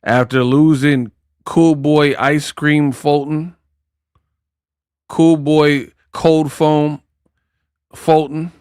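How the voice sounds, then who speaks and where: A slightly high-voiced man with a clean tone hosts laid-back boxing commentary, trash-talking, joking, and breaking into song and mock accents. The recording is dry with clean studio sound.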